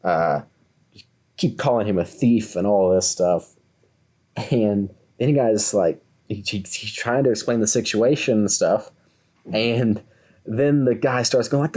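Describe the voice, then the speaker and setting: A man's voice: mid-range voice, unhurried. A man in his twenties, co-host of a podcast, telling a story in a casual way and acting out the voices of the people in it. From Kentucky, USA. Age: 20s. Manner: animated, acts out quoted voices.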